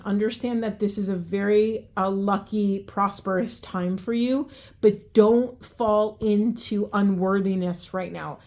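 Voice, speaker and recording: Brief: woman, spiritual card reader, outdoors by the ocean, affirming, rambling delivery, middle pitch. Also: darkish tone. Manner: earnest, affirming, rambling with restarts.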